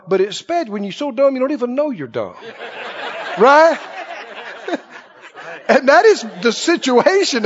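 A man preaching with a high, lively voice that swoops up and down as he tells folksy stories to his congregation. The recording is dull and lo-fi, and his voice rings in a long hall reverb. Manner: folksy storytelling, asks the congregation "Right?". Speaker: pastor. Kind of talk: sermon.

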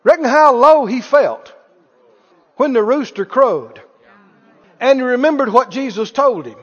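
A man preaching a sermon, animated, acting out Bible dialogue with chuckles. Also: very high voice, unhurried. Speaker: pastor. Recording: dull sound with long hall reverb.

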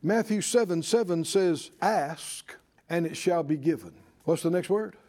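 High-voiced animated male preacher. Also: a little slow, crowd noise. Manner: animated, mimics worried voices, asks congregation to respond. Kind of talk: sermon.

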